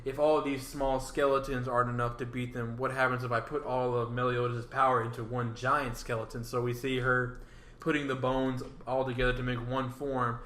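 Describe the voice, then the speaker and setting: A man's voice: mid-range voice, flat delivery, brisk, a bit bright, roomy sound. A man co-hosting a podcast, recapping a comic chapter in a loose, casual way with many ums and likes. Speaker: podcast co-host.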